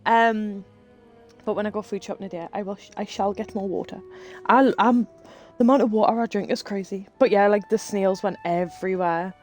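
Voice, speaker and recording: A woman's voice: mid-range voice, steady tone, a little fast, a little mellow, faint music behind. A woman streaming live, telling rambling stories in casual chat while she plays a game and swearing freely. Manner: chatty, rambling storyteller who swears freely.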